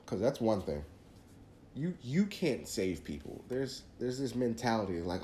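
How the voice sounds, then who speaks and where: A man's voice: lowish voice, very animated, normal speed, mellow, echoey room, slight background noise. A man hosting a podcast, talking earnestly through faith advice in a casual monologue, often restarting phrases. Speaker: podcast host.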